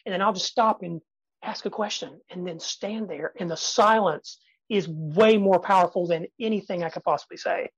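A man in his fifties, a guest speaker in a podcast interview, talking energetically and emphatically with dramatic pauses and sudden soft drops. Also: high-pitched, husky, no room sound, highs cut off. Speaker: guest speaker and sales trainer.

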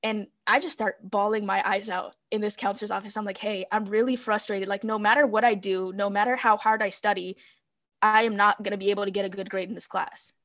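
A woman's voice: medium pitch, fairly quick. A young woman, a podcast guest, telling a personal story in casual chat and acting out what she said back then. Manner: animated storyteller acting out her own past dialogue.

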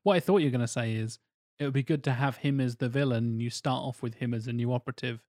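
A man co-hosts a casual film podcast, dropping in deadpan asides. He talks quickly in a middle pitch, and the recording is dry and close. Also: dry recording. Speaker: podcast co-host.

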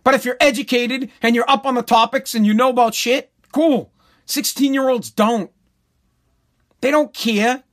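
A man's voice: very high-pitched, steady tone, moderate pace, fairly bright tone. A middle-aged man ranting bluntly and profanely, hammering each point with short repeated phrases as a talk host. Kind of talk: profane political rant.

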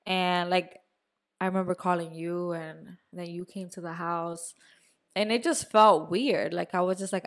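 Animated young woman telling a story. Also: lowish voice, unhurried. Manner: animated storytelling, swears and slips into Spanish words. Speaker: podcast co-host. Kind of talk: casual chat.

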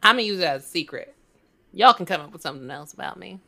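A woman's voice: lowish voice, animated, quick pace, gravelly, bright, forceful tone. A woman from Massachusetts playing a tabletop game, joking in bawdy, casual banter. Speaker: player.

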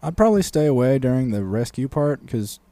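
A young man trading jokes in a casual comedy podcast, laid-back and swearing freely. His voice is middle-pitched and sounds dry and close, with no room around it. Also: big pitch swings, brisk, warm tone, dry recording. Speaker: podcast co-host.

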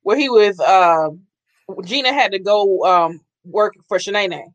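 A man hosting a casual chat about TV shows, reacting excitedly and asking questions. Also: sits high, measured pace, no room sound, dull audio.

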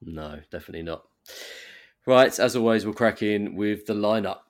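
A man's voice: on the low side, normal speed. A man hosting a casual football podcast, chatty and leading the talk with questions. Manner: chatty, leads the discussion with questions. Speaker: podcast host.

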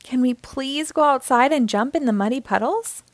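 A woman voicing an excitable little girl piglet in a storybook, with a high, eager, pleading voice. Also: a little fast, no room sound.

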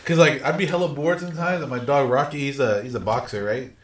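A man's voice: mid-range voice, fast talker. Laid-back young guy, roomy sound. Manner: laid-back, swears, laughs along. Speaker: podcast co-host. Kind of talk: casual chat. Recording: roomy, mic at a distance.

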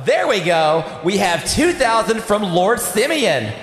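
A flamboyant auctioneer and emcee, played by a man in an audio drama, pitched high with a wildly lively delivery. He hypes the crowd theatrically. The voice carries a long hall reverb over faint noise. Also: takes it slowly, soft background music, heavily acted. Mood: hyping. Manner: showy, theatrical announcing.

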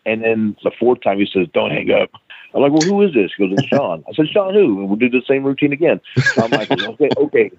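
A man's voice: fairly low pitch, quick pace, gravelly, slight background noise. A middle-aged man, a guest on an interview show, telling a story in a casual, profane way and acting out the quoted dialogue. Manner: profane, animated anecdote with acted-out quoted dialogue. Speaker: guest, wrestling trainer. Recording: tinny phone-like line.

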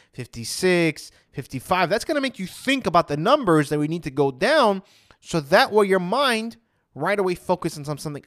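A man talking casually as an anxiety coach, retelling his own past thoughts in a chatty way. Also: on the high side. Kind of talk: casual motivational talk.

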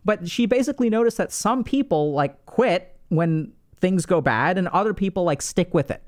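A man working as a clinician, giving an educational talk in a conversational, animated way with frequent fillers. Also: sits high, normal speed. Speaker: mental health clinician and host. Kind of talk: educational monologue.

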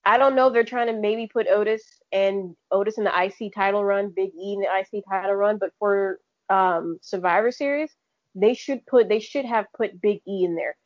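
A woman's voice: medium pitch, normal speed, dry recording. A woman co-hosting a podcast in casual chat, rambling and often restarting her sentences. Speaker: podcast co-host. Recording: dull, dry, lo-fi podcast audio.

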